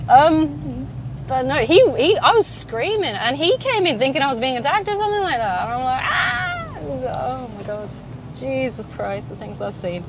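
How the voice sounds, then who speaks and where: A woman's voice: high-pitched, slight background noise. A woman in her thirties, a podcast host chatting alone while driving, laughing often, swearing and poking fun at herself. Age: 30s. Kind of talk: casual solo chat while driving. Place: in a car.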